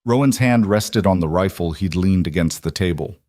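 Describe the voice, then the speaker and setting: A man reading a story as scripted narration, calm and even. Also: low voice, moderate pace, dry recording, studio quality.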